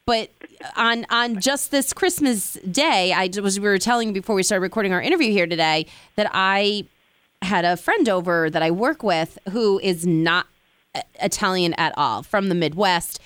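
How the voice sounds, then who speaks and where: A woman's voice: mid-range voice, expressive, normal speed, a bit bright, clean tone, no room sound. A woman from a Sicilian-American family hosting a casual interview, chatty and self-mocking. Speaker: podcast host.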